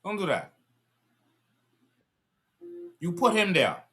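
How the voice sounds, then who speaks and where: A man giving casual political commentary to his viewers, firing off rhetorical questions and scolding in an exasperated, animated way. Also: high-pitched, takes it slowly.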